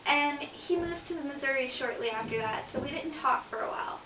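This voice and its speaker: A woman's voice: high-pitched, brisk, bright, forceful tone, recorded from a distance. A young adult woman, a college student, chatting casually and bubbly about her life, with lots of "like" fillers. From Kansas. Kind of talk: casual personal storytelling vlog. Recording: roomy, off-mic, faint hiss.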